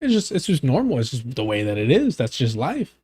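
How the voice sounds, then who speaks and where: A man's voice: mid-range voice, huge pitch swings, fairly quick, darkish tone, husky. A man doing a smug, drawling debater. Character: mocking impression of a smug male debater.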